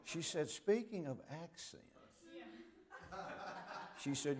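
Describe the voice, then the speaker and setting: An older visiting preacher from the southern United States, with a Deep South Alabama accent, opens his sermon from the pulpit of a church sanctuary by telling folksy, joking stories into the microphone in a drawl. His slightly high voice is very animated and slow, with long pauses, over heavy background noise.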